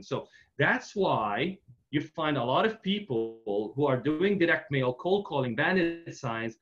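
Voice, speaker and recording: A man with a fairly high voice teaches in a loose, conversational way, telling a story and checking in with "right?" after most sentences. He leans on lots of fillers, and the recording sounds dull and lo-fi. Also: animated, unhurried, a bit bright. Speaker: real estate marketing coach. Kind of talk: casual teaching in a Q&A.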